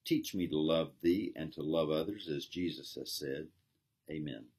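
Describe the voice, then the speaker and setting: A man's voice: extremely low pitch, a little slow, darkish tone, husky, exaggerated voice. A man voicing a sad, earnest little chimney-sweep boy in a read-aloud story. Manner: earnest, tearful.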